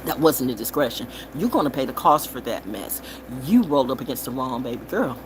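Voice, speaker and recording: A woman reading tarot in a rambling, profane freestyle monologue. She swings from loud outbursts to low mutters and keeps repeating and rhyming phrases. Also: animated, a little fast, background noise. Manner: profane and confrontational. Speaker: tarot reader and vlogger.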